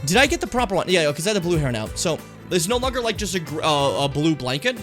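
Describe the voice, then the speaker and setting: A man's voice: fairly high pitch, sing-song, fast talker, a bit bright, soft background music. A young adult man streaming, reacting to his old videos in a rambling, profane, self-mocking way.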